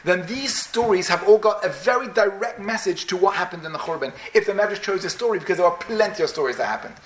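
A man's voice: high voice, fast. A man preaching a sermon as a rabbi, telling a story with emphatic, dramatic swings. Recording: echoey room.

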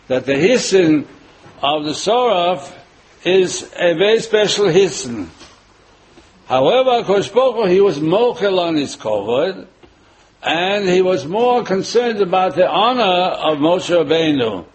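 Older rabbi telling a rambling story. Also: male voice, high-pitched, expressive, low-quality recording. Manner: rambling, many filler pauses, chuckles at own jokes. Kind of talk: sermon with personal anecdote.

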